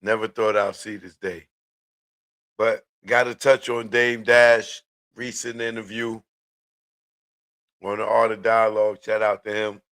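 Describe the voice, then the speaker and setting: A man hosting a casual live-stream, talking in a relaxed, slangy way and hyping up his viewers. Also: lowish voice. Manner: laid-back, hypes viewers, drawn-out street slang. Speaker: live show host.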